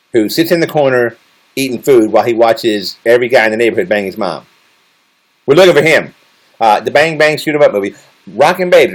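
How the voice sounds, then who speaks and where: A man live-streaming to his chat, trading crude, teasing jokes with viewers. His pitch swings widely and expressively as he talks. He sits at a middling pitch and keeps an easygoing, joking tone. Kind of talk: casual livestream chat with viewers.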